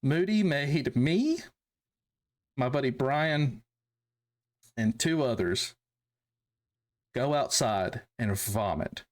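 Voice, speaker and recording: Profane veteran man telling army stories. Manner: animated, profane, acts out quotes in loud high voices. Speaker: podcast guest, army veteran. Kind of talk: casual storytelling.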